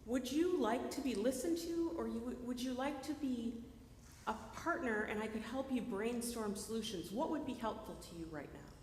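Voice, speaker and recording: A woman preaching a sermon in a lively, conversational way, often checking in with her listeners by asking "right?". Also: fairly high pitch, normal speed, a little hiss or hum. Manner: animated, keeps checking in with the audience by asking "right?". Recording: echoey hall with long reverb.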